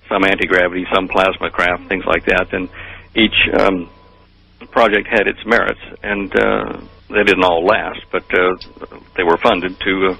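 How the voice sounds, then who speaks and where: A man's voice: deep voice, vocal fry, sharp tone, breathy edge, poor audio. An older man telling his story in an interview, rambling and hesitant with many fillers. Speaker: interview guest.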